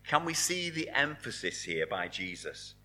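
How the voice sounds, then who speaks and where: A man preaching a sermon with a bright, forceful tone. His pitch rises and falls in a lively way. He speaks earnestly and sinks to a hushed hold on the words he wants to stress. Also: a little slow, a little hiss or hum. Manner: earnest preaching, dropping to soft emphasis on key words.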